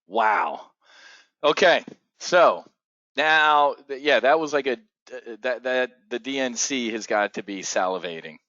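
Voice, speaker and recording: A man runs a live trading stream, talking bluntly and excitedly with frequent curses. His voice is dry and close, with a slightly dull, muffled tone. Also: medium pitch, measured pace, no echo. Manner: excitable, profane, blunt asides. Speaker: options trading show host. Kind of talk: live market commentary.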